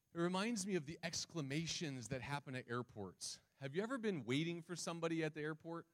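A man's voice: a little high, expressive, brisk, few pauses. A man preaching a sermon, reading scripture and talking casually with the congregation, often asking them questions. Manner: conversational, asks the congregation questions. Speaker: pastor.

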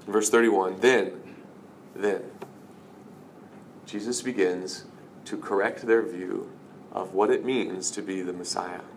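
A man's voice: low-pitched, fairly even intonation, takes it slowly, pauses often, slight background noise. A male pastor preaching a sermon in a conversational, emphatic way.

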